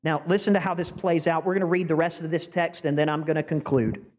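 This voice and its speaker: A male preacher delivering a sermon, animated and emphatic, building to forceful peaks. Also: a little high, fast. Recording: long church-hall reverb.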